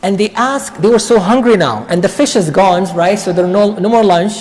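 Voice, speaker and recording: A man teaching a Quran study circle, retelling a story in a casual, conversational way with quick asides. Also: sits high, a little mellow. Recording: long reverb of a large hall.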